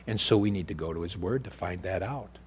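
Here a pastor moves a little fast through his sermon, alternating raised, loud preaching with hushed, close speech. A faint hiss or hum sits under the recording.

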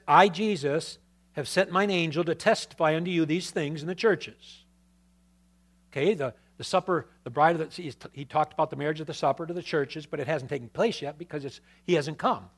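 A man preaching a sermon in a notably high voice. He reads scripture, then turns to the congregation with questions, swinging between loud emphasis and a low, quiet delivery. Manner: reads scripture aloud, with restarts. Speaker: pastor.

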